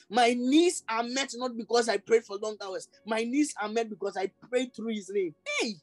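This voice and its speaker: A man's voice: very high-pitched, moderate pace, hardly any pauses, dry recording, soft background music, rough recording. A man preaching a charismatic sermon, exclaiming ecstatically and breaking into tongues.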